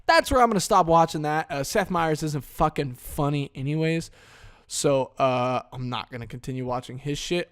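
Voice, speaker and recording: A man with a clear, resonant voice on the high side hosts a casual solo podcast. Leaning over his desk microphone, he rants crudely and dismissively, swearing constantly.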